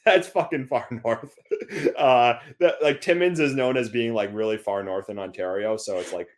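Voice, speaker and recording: A man's voice: mid-range voice, normal speed. A young Canadian man in casual chat, rambling with many fillers and restarts, and laughing often.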